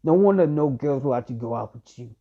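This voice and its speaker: A man's voice: medium pitch, lively intonation, fast. A man voicing a cruel boy ninja rival who mocks and insults, on a dull lo-fi recording. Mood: sneering. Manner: mocking.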